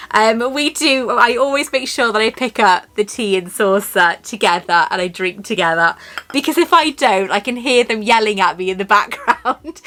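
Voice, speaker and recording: Bright chatty English woman unboxing. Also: a little high. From England. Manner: chatty, rambling, gasps with delight. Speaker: collector unboxing a tea set. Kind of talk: casual unboxing vlog.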